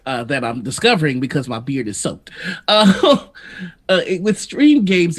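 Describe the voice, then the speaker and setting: A man co-hosting a live stream chat, laughing often and talking in halting restarts, with the hiccups. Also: medium pitch, big pitch swings, soft background music. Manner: giggly, halting, many restarts. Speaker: co-host.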